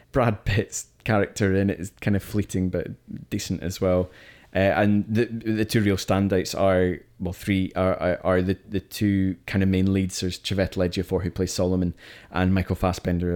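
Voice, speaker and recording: A man co-hosts a film podcast, reviewing movies in a chatty, opinionated way and frequently restarting sentences. His deep, slightly mellow voice is completely flat, moving at normal speed with hardly any pauses.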